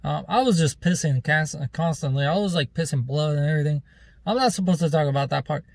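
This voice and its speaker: A man's voice: fairly high pitch, fast talker, gravelly, no room sound. A man vlogger telling a rambling, loose story in casual chat, with plenty of fillers and some swearing.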